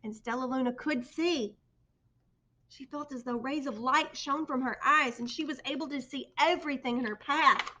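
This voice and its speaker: A woman reading a children's picture book aloud with expressive storytelling. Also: high-pitched, moderate pace. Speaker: storybook reader.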